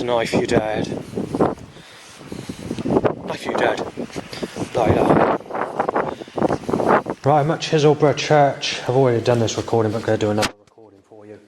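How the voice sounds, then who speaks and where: A man's voice: medium pitch, very noisy. A man talking to camera outdoors in a rambling video diary, hesitant, often restarting and repeating himself. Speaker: vlogger.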